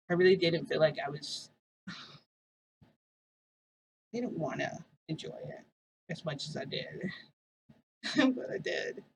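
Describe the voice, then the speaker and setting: A woman's voice: sits low, a bit bright, a little hiss or hum, rough recording. Rambling casual woman vlogger. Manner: rambling, heavy use of "like" fillers. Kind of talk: casual storytelling.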